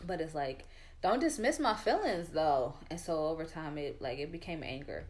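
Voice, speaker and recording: A woman's voice: low-pitched, lively intonation, normal speed. A young woman in a casual chat, talking candidly and full of fillers as she tells her own story.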